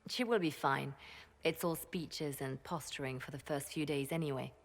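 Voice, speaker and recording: An actress voicing a composed female spymaster advisor in video game dialogue, with a measured, grave delivery. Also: deep voice. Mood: assured.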